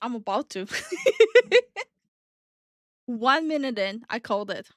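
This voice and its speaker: A woman co-hosting a casual reaction stream, ranting in an exasperated, animated way. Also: a little high, takes it slowly, no room sound, clean studio sound. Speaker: VTuber co-host.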